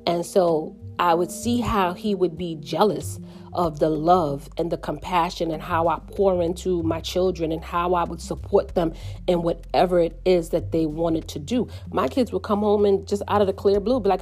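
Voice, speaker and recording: A middle-aged woman talks earnestly and reflectively about her own story, slowing down on the painful parts. Her voice sits a little low and sounds mellow and warm. Soft music plays faintly beneath her. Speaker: mother sharing her story. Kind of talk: personal reflective monologue.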